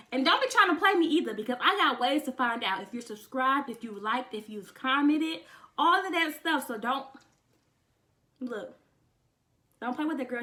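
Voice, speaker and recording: A young woman vlogging, talking casually and sassily to her viewers, calling them honey and getting excited almost to tears. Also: high voice. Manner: sassy and chatty, says honey a lot; emotional, close to tears with excitement. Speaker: beauty vlogger. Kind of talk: casual chat to camera.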